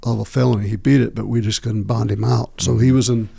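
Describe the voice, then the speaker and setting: Man, middle-aged, gravelly and mellow, flat delivery, halting storyteller with lots of ums. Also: lowish voice. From United States. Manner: slow, halting, many fillers and restarts. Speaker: podcast guest. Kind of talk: long-form interview storytelling.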